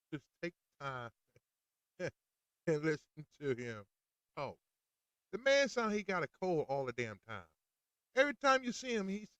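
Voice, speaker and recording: A man hosting a podcast, ranting in an animated, exasperated way while recording outdoors. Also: a little high, clean tone, no echo. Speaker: podcast host. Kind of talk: casual ranting monologue.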